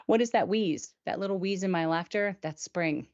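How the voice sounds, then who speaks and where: A woman's voice: mid-range voice, moderate pace, hardly any pauses, lo-fi sound. A woman hosting a weekly review show, chatting casually and animatedly with her co-host and viewers.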